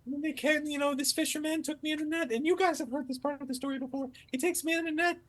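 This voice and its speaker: Very high-voiced woman telling a goofy story. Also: fairly even intonation, quick pace, rough recording. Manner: rambling, goofy comedic delivery. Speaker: player. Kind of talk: in-character tabletop storytelling.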